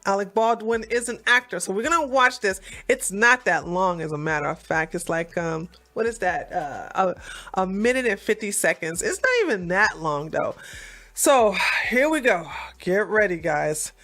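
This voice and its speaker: A woman hosting a reaction commentary, talking in a sassy, mocking, animated way. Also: fairly low pitch, normal speed. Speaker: commentary host.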